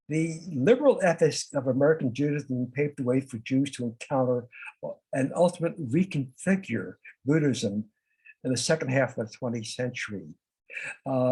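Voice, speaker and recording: Husky man leading a halting study talk. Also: mid-range voice, a little mellow, poor audio. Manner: halting, many uh and um fillers and restarts. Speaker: discussion leader. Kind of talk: informal talk to a study group.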